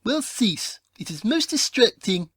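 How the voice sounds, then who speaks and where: A woman's voice: fairly high pitch, very animated, measured pace, breathy edge, dry recording, clean studio sound, heavily acted. A woman voicing a prim, haughty male detective in a comedy audio play, with a formal, fussy, scolding manner.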